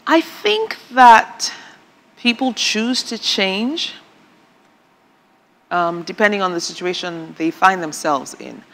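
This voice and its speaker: A woman guest on a talk show, chatting casually and telling lively stories with dry, sarcastic humor. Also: medium pitch, takes it slowly, long pauses, long reverb tail. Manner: animated storyteller, laughs often, dry sarcastic humor.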